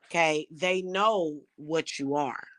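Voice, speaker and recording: A woman's voice: deep voice, slow, fairly bright tone, no echo. Angry woman ranting, dry close sound. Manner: heated, profane, repetitive ranting. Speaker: spiritual reader and vlogger. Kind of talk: angry monologue vlog.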